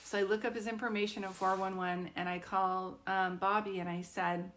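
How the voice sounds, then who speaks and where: A woman's voice: mid-range voice, little pitch movement, moderate pace, a bit bright, a little hiss or hum. Chatty woman in her fifties, storytelling. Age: 50s. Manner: chatty, with frequent fillers and restarts. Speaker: psychic medium. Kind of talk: casual personal storytelling.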